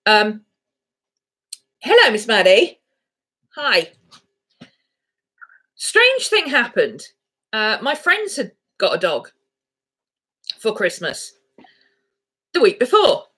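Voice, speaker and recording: A woman's voice: fairly high pitch, huge pitch swings, slow, long pauses, pushed and bright, breathy edge. A woman vlogger chatting casually to camera, rambling through a story and cooing baby talk at her dogs.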